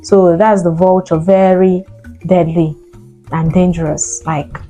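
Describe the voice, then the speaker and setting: A woman, an Igbo speaker, teaching vocabulary and slowly repeating each word for learners to copy. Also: lowish voice, flat delivery, mellow, faint music behind. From Nigeria. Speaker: language teacher. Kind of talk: vocabulary lesson.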